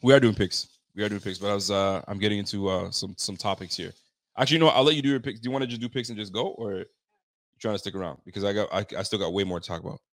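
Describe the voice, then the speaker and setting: A man hosting a casual sports podcast, joking and animated, talking in slang. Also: fairly low pitch, racing, dry recording. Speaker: podcast host.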